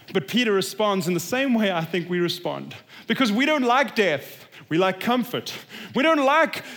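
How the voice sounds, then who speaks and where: In a high voice, this pastor delivers an earnest and emphatic sermon, frequently sinking to a low, quiet tone for emphasis. His speech echoes with a large hall's long reverb.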